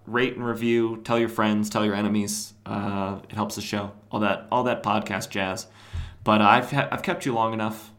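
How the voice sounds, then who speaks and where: A man's voice: lowish voice, a bit bright. A man hosting a comic book podcast, recapping an issue in a casual, rambling way. He talks loosely, with fillers and restarts, and sometimes reads dialogue aloud in playful voices. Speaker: podcast host.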